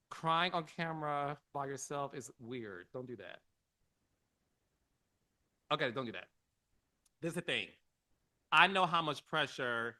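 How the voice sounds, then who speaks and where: A middle-aged man hosting a podcast, giving casual, emotional commentary with dramatic pitch swings. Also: sharp tone. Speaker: podcast host.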